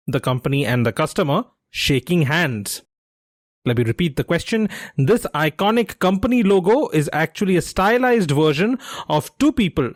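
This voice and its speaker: Chatty quiz podcast host, dry sound. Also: male voice, fairly high pitch, no echo. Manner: chatty, laughs easily, thinks aloud with restarts. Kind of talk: casual quiz podcast chat.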